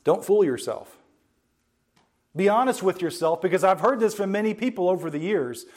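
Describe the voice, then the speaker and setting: Higher-voiced man teaching scripture emphatically. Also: darkish tone. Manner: emphatic, slows down to stress key words; conversational asides to listeners. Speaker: Bible teacher. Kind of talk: sermon-style Bible teaching.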